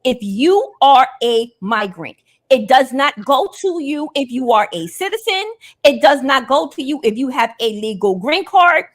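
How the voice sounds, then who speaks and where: A woman's voice: high voice, lively intonation, measured pace. A woman in a casual panel chat, insistently stressing what she calls facts.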